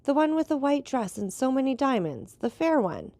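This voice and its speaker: A man's voice: extremely high pitch, sing-song, moderate pace, darkish tone, dry recording, voice pushed up, exaggerated voice. A woman voicing a frightened male steward who blurts out agitated exclamations. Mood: terrified. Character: frightened middle-aged male steward, haunted servant.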